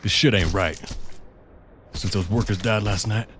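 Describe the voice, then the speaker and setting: A man's voice: lowish voice, normal speed, fairly bright tone, slight background noise, natural voice. A man reading as a worried security guard. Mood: uneasy. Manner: reading aloud in an unplaced put-on accent. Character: worried male security officer writing a warning letter.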